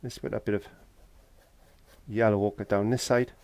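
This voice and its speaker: A man's voice: lowish voice, fairly even intonation, moderate pace, darkish tone, smooth. Chatty man teaching painting. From Wales. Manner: chatty, jokey, talks to himself while working. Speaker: painting tutor. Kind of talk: casual painting tutorial. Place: garden shed.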